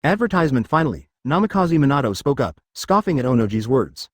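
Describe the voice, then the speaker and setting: Fast, lively male story narrator. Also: medium pitch, dry recording, clean studio sound.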